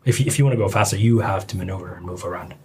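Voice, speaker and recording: A man talking as a podcast guest in a relaxed, hesitant way with many fillers. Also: deep voice, very fast, a little hiss or hum. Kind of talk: casual podcast chat.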